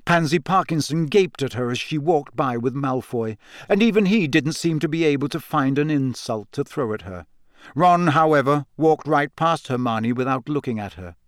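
A man narrating a storybook in a steady reading voice, raising his pitch for the girls' quoted lines. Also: moderate pace, no echo, clean studio sound. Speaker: audiobook narrator. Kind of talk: scripted narration.

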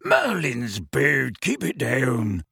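A man voicing a gruff, battered giant gamekeeper in an audiobook, with slow, rough, rustic speech. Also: mid-range voice, big pitch swings, fairly bright tone, dry recording, studio quality, full character voice. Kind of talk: audiobook reading.

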